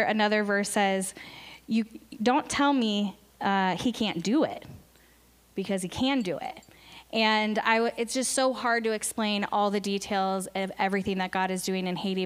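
A woman's voice: medium pitch, normal speed, clear, resonant tone. A woman speaking in church as a missionary, telling an emotional story earnestly, with fillers. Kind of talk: church talk.

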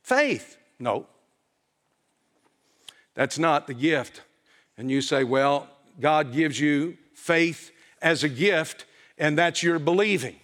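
A high-voiced male pastor delivers a sermon from the pulpit. He preaches emphatically, firing rhetorical questions at his congregation and answering them himself. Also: slow, long pauses, fairly bright tone. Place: church.

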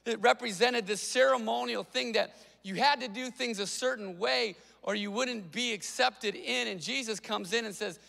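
Casting note: male pastor, high bright voice, animated sermon delivery, long hall reverb. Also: vocal fry. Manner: conversational, animated preaching with quick asides.

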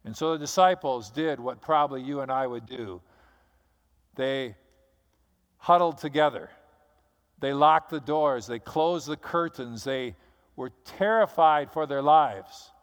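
A man's voice: mid-range voice, a little slow, clean tone. A man preaching a sermon as pastor, telling the story dramatically and acting out the scenes. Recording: long hall reverb.

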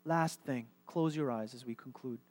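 Male pastor, live sermon, easygoing and conversational, stumbles over repeated words, mid-pitched. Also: moderate pace, darkish tone. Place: church service with congregation.

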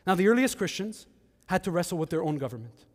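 A man preaching a sermon as pastor, animated, with joking asides and acted-out quotes. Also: sits high, fast talker, big-room sound.

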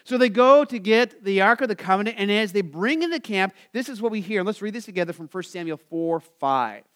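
A male pastor with a strikingly high, smooth and resonant voice delivers a sermon. He talks to the congregation casually, dropping "you know" often, and pushes into bursts of excited energy. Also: a little fast. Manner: conversational, lots of "you know" asides; rises to excited, energetic emphasis. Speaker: Lutheran pastor.

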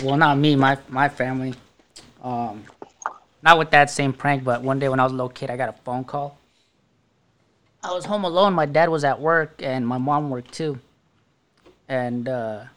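A man's voice: medium pitch, a bit bright. A man co-hosting a podcast, telling stories in a loose, profane, laughing way. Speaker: podcast co-host. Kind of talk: casual chat.

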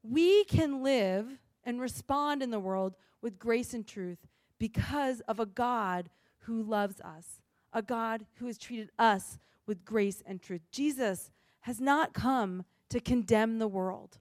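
A woman pastor giving a sermon in an earnest, expressive way, acting out the lines she quotes. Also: a little high, slow, no room sound, studio quality.

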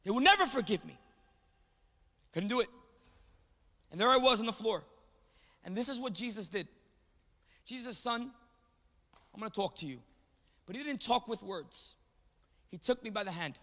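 Animated preacher in a reverberant hall. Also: male voice, high-pitched. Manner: animated storytelling, calls out to the congregation. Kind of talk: sermon. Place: church sanctuary. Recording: long reverb of a large hall.

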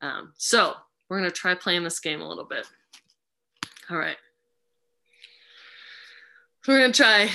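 Bright-toned woman guiding a ritual. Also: fairly low pitch, expressive, creaky. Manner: gentle, unhurried, many fillers. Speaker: ritual facilitator. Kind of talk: guided group ritual over video call. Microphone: video call.

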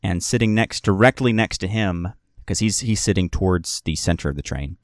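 A man's voice: sits low, expressive, fairly quick, no echo, studio quality. A man narrating as game master of a tabletop game, describing scenes in a rambling way full of fillers and restarts.

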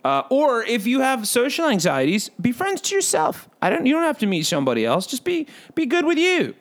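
A man performs a bored, hyper male bird hosting a podcast, talking in a very high-pitched voice with wildly swooping pitch. His delivery is brisk and heavily acted, full of goofy asides to himself. It's a comedic character podcast recorded in a home booth.

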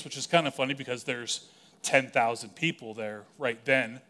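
A man pastor delivering a sermon in a conversational style, with casual asides and quick acted-out quotes. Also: medium pitch, sharp tone.

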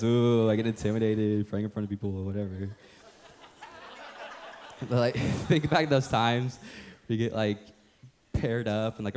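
A man's voice: on the low side, a little mellow, a little hiss or hum. A young man preaching a sermon as a young adults pastor, casual and joking, often acting out other people's voices.

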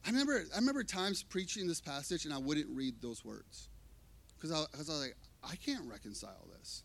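A man preaching a sermon, animated and emphatic, shifting between hushed and loud delivery. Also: on the high side, fairly quick, gravelly. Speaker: pastor. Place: church.

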